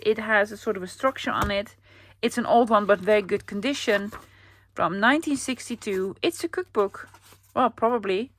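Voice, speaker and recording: A woman's voice: medium pitch, a bit bright. Chatty woman showing thrift finds. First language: Dutch. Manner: chatty and enthusiastic, cooing over finds. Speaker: vlogger showing a thrift haul. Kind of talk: casual haul chat to camera.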